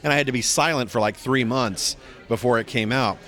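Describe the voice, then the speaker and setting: A middle-aged man tells stories in a relaxed convention interview. He keeps a middle-pitched voice and jumps much higher whenever he acts out what someone said. His telling stays lively and chatty. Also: brisk. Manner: animated storyteller, acts out quotes with big pitch jumps. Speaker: voice actor guest.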